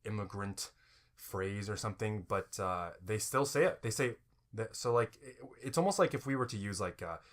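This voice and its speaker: A man co-hosting a podcast, with a fairly low but bright, forceful voice. He rambles through casual chat, full of "like" and "you know.". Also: normal speed. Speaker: podcast co-host.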